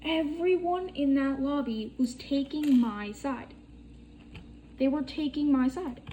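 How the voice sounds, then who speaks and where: Young woman vlogger, slow and chatty, slightly high voice, faint background hiss. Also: warm tone. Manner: chatty, swears casually, rambling storytelling. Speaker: crafting tutorial vlogger. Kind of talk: casual chat while demonstrating bead crafting.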